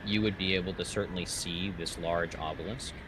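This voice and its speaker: A man running a tabletop game as game master, narrating scenes slowly with fillers. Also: sits low, steady tone. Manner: slow descriptive narration with fillers. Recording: clear background noise.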